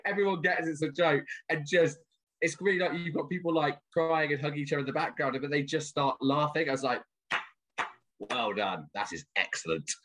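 A man's voice: fairly high pitch, flat delivery, fast talker, a bit bright. A man co-hosting a podcast, chatting casually about a reality show and often correcting himself. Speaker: podcast co-host. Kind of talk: casual recap chat.

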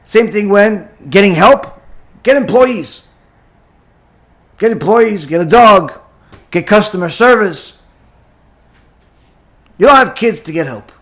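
Animated high-voiced rabbi teaching. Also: male voice, measured pace, pauses often. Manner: animated, emphatic, many "you know" fillers, religious terms. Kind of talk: Torah lesson.

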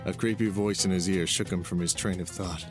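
A man with a very deep voice narrates a novel chapter in a steady storytelling manner. Clear music plays underneath him. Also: a little fast. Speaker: audiobook narrator. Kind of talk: scripted narration.

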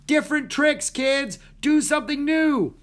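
A storybook reader voicing a harried theater stage manager, a grown man shouting urgent orders. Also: medium pitch, big pitch swings, moderate pace, husky, voice pushed up. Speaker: storybook character voice.

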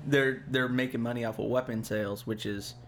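A man co-hosting a casual podcast, chiming in with sarcastic, deadpan jokes. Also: mid-range voice, fairly quick, background noise. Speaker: podcast co-host.

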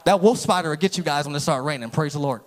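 A man in his thirties preaching a sermon with energy, sometimes rising to shouts. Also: a little high, quick pace. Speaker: pastor.

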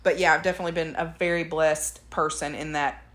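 A woman's voice: low-pitched, fairly even intonation, a little fast, a bit bright. Woman, podcast co-host, casual storyteller. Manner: chatty storyteller, laughs often. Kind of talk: casual chat.

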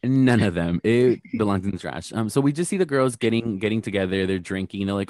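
A man's voice: on the low side, fast talker, hardly any pauses, darkish tone, no room sound, clean studio sound. A man recapping a reality TV episode in a sassy, chatty way, swearing freely and acting out what people said. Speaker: podcast co-host. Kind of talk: casual reality TV recap chat.

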